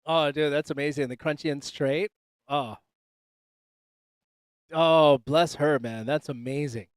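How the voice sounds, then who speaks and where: A man's voice: fairly high pitch, fairly even intonation, slow pace, long pauses, clean tone, dry recording. A man hosting a casual livestream chat, joking loosely and swearing, calling everyone dude and bro. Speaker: livestream host. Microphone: desk microphone.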